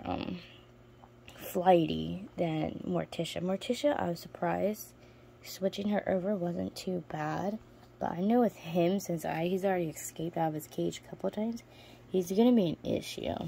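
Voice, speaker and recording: A woman's voice: creaky, warm tone, a little hiss or hum. Chatty woman vlogging among her reptiles. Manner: chatty, switches to high baby talk with her pets. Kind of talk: casual vlog talk to camera. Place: indoors in a room full of reptile enclosures.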